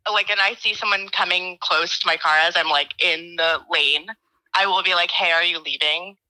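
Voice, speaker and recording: A woman's voice: on the low side, fairly even intonation, moderate pace, bright, forceful tone, dry recording, poor audio. A woman calling in to a podcast, chatting casually and laughing easily while sick. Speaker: caller. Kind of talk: casual phone-in chat.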